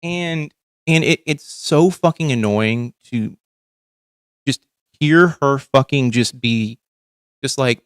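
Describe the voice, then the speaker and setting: A man's voice: mid-range voice, slow, long pauses, smooth, no echo, clean studio sound. A man hosting a livestream from home, ranting in casual, profane commentary, tired and overcaffeinated. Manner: rambling, profane, exasperated ranting. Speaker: livestream host.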